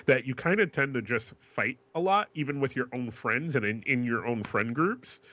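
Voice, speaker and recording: Male co-host from New York, tense bright voice, slangy and emphatic, lo-fi dry sound. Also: mid-range voice, lively intonation, moderate pace, no echo. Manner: emphatic, profane, riffs with slang. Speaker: podcast co-host. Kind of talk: casual chat. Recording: dry, dull lo-fi mic.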